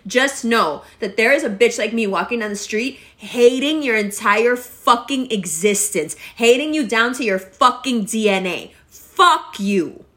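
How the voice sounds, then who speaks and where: A woman ranting straight to the camera in a slightly high voice. She is blunt and confrontational, and she swears freely as she talks. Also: animated, unhurried, fairly bright tone. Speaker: vlogger. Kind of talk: angry rant to camera.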